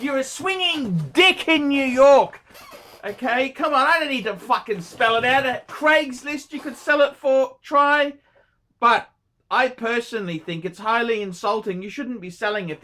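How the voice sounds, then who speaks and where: An Australian man lays into a viewer in an off-the-cuff watch review, swearing freely and talking bluntly. His voice is bright and forceful, with a scolding edge. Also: extremely high pitch. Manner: blunt, heavily profane, scolding. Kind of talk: unscripted paid review rant.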